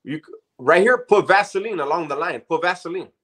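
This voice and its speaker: A man's voice: sits high, a little fast, a bit bright. A middle-aged man co-hosting a casual chat, full of profane, teasing banter. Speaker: podcast co-host.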